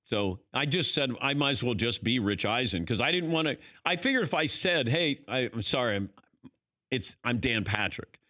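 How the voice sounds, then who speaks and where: A man's voice: medium pitch, expressive, moderate pace, bright, forceful tone, dry recording. A male radio host telling self-mocking stories in casual studio banter, acting out other people's lines. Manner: storytelling, self-mocking, acts out voices in anecdotes. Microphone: studio mic.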